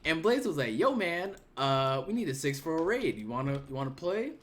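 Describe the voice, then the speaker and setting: A man's voice: on the high side, fairly quick, a little hiss or hum. A man hosting a casual gaming podcast, telling stories and acting out quoted lines with sudden jumps in his voice. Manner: animated storyteller, acts out quotes with voice jumps. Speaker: podcast host.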